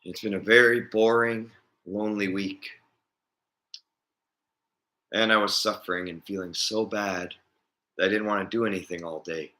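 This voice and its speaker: A man's voice: lowish voice, steady tone, moderate pace, long pauses, sharp tone. A man vlogging in a casual, rambling chat, often chuckling as he talks.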